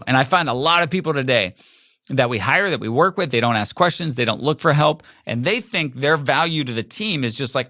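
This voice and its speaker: A man's voice: mid-range voice, lively intonation, fast talker, bright, forceful tone, no room sound, studio quality. A middle-aged man hosting a podcast alone, talking casually in a rambling way and acting out quoted voices. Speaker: podcast host. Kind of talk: casual solo monologue.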